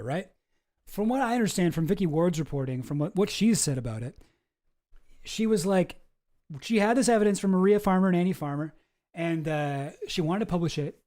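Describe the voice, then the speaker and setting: Male host with a high voice, casual and musing, reading through papers and thinking out loud. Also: lively intonation, a little fast. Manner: musing, hesitant, thinking aloud. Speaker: online show host. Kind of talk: casual commentary while reading documents.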